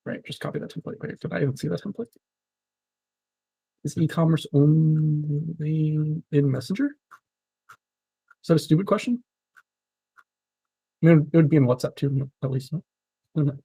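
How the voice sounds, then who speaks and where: A man casually commenting on a live stream as he works through software, muttering to himself in a wry, self-mocking way. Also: a little high, a little slow, creaky, long pauses, breathy edge, no room sound.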